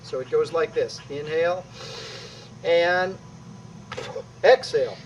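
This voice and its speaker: Middle-aged male qi gong teacher, upbeat and emphatic, voice on the high side, faint background noise. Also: takes it slowly, highs cut off. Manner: energetic, emphatic, punctuating moves with "boom". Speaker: qi gong instructor. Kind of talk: demonstrating exercises on video.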